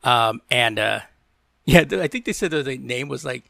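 Male podcast co-host, bright voice, dry booth sound, chatty storyteller who laughs a lot. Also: animated, normal speed, creaky, no echo. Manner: laughing storyteller, mimics people in high voices. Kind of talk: casual chat.

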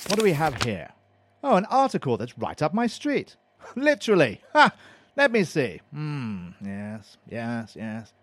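A man's voice: on the high side, slight background noise. Fussy, sarcastic man. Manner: prim, sarcastic, muttering to himself. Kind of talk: comedy audio drama.

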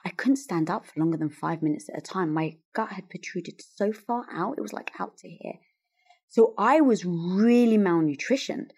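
A woman's voice: fairly low pitch, moderate pace, breathy edge. A woman who is a guest author in an interview conversation, telling stories animatedly and acting out quoted lines. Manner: animated storyteller, acts out quotes.

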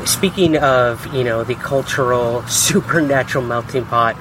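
A man's voice: medium pitch, moderate pace. Male host asking questions over noise. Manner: relaxed questioning with fillers. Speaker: podcast host. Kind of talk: interview conversation.

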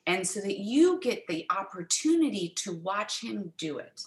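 A middle-aged woman, a guest in an interview, telling a personal faith story in an animated way and acting out the quoted dialogue. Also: medium pitch, a little slow, roomy sound, low-quality recording.

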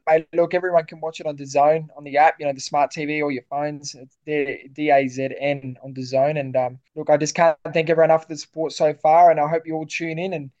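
A man's voice: a little high, brisk, few pauses, highs cut off. An Australian man, a boxer, talking casually and confidently in an interview, calling his host mate. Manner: relaxed, matey, confident.

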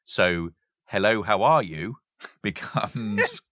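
A man's voice: lowish voice, slow, a bit bright, dry recording, clean studio sound. A man explaining language games in a casual chat, stopping to give examples and laughing often.

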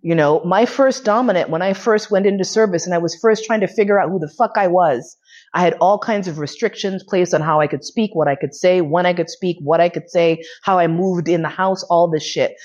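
A woman's voice: on the low side, a little fast, a little mellow. A woman giving a casual, profane, often laughing storytelling talk. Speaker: lecturer. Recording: dull lo-fi recording.

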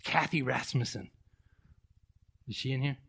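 A middle-aged male pastor preaching a sermon, telling stories with animated swings from loud to hushed. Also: medium pitch, a little slow, gravelly, slightly rough. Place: church.

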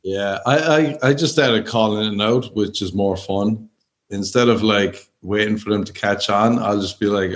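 Calm comedian with a Cork accent. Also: male voice, fairly low pitch, moderate pace. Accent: Irish, Cork. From Ireland. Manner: calm, laid-back, mumbling storyteller. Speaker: stand-up comedian. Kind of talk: casual podcast chat.

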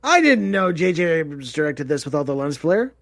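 A man's voice: fairly high pitch, big pitch swings, a little fast, a bit bright. A man chatting casually over a movie, dropping short wisecracking one-liners. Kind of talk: casual movie commentary chat.

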